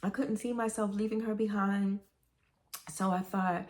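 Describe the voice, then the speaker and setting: A woman's voice: medium pitch, fairly even intonation, measured pace, darkish tone. A middle-aged woman, telling rambling, nostalgic stories in a casual vlog. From Brooklyn, New York. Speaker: vlogger.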